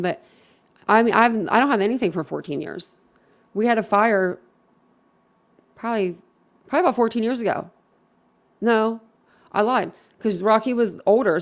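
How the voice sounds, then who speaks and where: A woman from Philadelphia hosts a live stream, talking to her viewers in a loose, rambling and outspoken way. Her voice sits at an ordinary middle pitch but carries a gravelly fry. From Philadelphia, USA. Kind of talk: casual live-stream chat.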